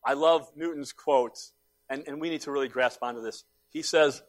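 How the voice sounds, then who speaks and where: A middle-aged male pastor delivers a sermon at a mid-range pitch and normal speed. He's emphatic and repetitive, swinging between loud exhortation and hushed asides.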